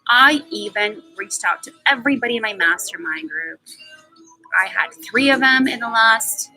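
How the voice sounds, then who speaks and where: A woman's voice: fairly high pitch, lively intonation, normal speed, sharp tone, soft background music, rough recording. A woman in her twenties speaking in a candid personal monologue on a live stream, emphatic and blunt, swearing freely and repeating words for stress. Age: 20s.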